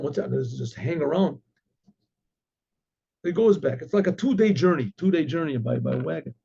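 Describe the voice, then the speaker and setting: A man, a rabbi, telling a story in an animated, halting way. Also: fairly high pitch, creaky, husky. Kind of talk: oral storytelling. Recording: dull lo-fi recording.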